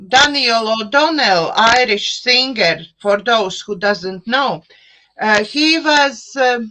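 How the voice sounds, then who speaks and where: A middle-aged woman with an Eastern European accent, hosting a live online chat show over a video call and speaking slowly, searching for words with many fillers and restarts. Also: a little high, pushed and bright, low-quality recording. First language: an Eastern European language. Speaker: host.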